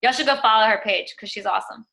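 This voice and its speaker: A woman with a bright, higher voice chats loosely through a group video call, full of "like" and "y'all." She hosts the call like a coach talking to her team. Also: fast talker, poor audio. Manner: chatty, uses "y'all" and "like".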